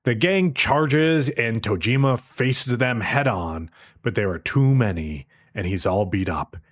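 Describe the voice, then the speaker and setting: A man co-hosting a podcast who recaps an anime episode in a deadpan, casually profane way. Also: mid-range voice, a little slow. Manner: retells plot deadpan with frequent swearing. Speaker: podcast co-host.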